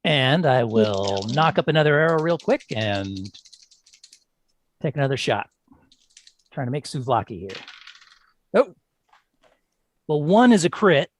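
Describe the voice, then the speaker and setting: A man's voice: on the high side, sing-song, measured pace, pauses often, a little hiss or hum. A man playing a tabletop game, matter-of-fact as he counts up his dice rolls aloud. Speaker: player. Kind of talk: casual tabletop game play.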